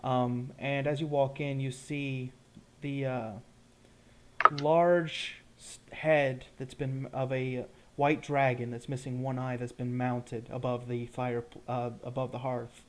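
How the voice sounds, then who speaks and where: A man narrating as game master in a tabletop game, relaxed and searching for his words. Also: medium pitch, slow pace.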